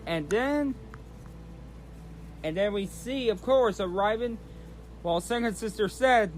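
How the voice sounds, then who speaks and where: High-voiced man rambling slowly. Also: a little hiss or hum. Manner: rambling, restarts, repeats "of course" often. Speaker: channel host recapping a trailer. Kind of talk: casual unscripted recap.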